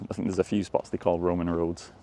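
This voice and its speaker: Deep, flat-voiced man rambling on a walk. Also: fast talker, slight background noise. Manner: rambling, chatty, chuckles often. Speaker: walking tour vlogger. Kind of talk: casual walking commentary. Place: countryside fields and lanes, outdoors.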